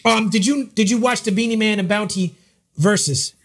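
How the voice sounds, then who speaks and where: A man with a high-pitched voice hosts a podcast interview at normal speed, with slight background noise. Warm-hearted and enthusiastic, he asks eager questions and affirms his guest often.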